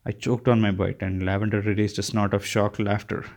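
A man reading a novel aloud as an audiobook narrator, with a steady delivery and occasional slips. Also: lowish voice, a little fast. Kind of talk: scripted narration.

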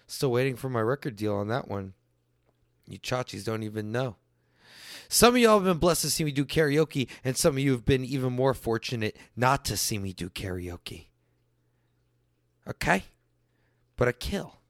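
A man around thirty doing a profane stand-up style rant, swinging between loud bursts and low mutters. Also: normal speed, dry recording, studio quality. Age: late 20s to early 30s. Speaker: comedian.

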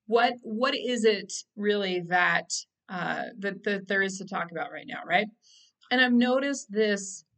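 A woman's voice: mid-range voice, fairly bright tone. Chatty self-amused woman podcast host. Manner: chatty, laughing at herself, many fillers and restarts. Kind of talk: casual solo podcast monologue.

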